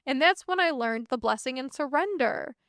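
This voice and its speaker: A woman's voice: high voice, animated, moderate pace, fairly bright tone, dry recording, studio quality. A woman in her thirties hosting a reflective solo podcast, talking candidly and earnestly and swearing casually. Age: 30s. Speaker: podcast host.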